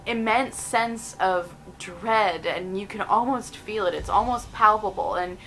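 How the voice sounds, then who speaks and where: A young woman in her twenties hosting a casual countdown vlog, chatty and animated, often giggling between points. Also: medium pitch, measured pace, a little hiss or hum, poor audio. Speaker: video host.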